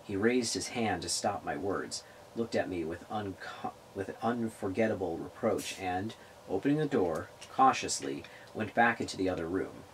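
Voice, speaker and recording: A man's voice: sits low, lively intonation, normal speed, slight background noise, low-quality recording. A man reading a novel aloud, stumbling over words and restarting lines. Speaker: reader of a novel on a public access show.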